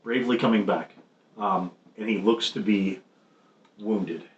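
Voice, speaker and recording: Male game master, low and unhurried, hesitant narration, roomy lo-fi stream sound. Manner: halting, many ums and restarts. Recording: roomy, muffled stream audio with faint noise.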